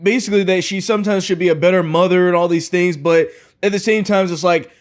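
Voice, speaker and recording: High-voiced man, incredulous commentary. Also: steady tone, quick pace. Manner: incredulous, mocking, repeats words. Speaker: commentary host. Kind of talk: reaction commentary.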